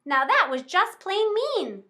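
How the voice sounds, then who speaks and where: A woman's voice: very high-pitched, big pitch swings, slow, pushed and bright, voice pushed up, heavily acted. A woman voicing a mangy street dog in a storybook, grumbling and put-upon.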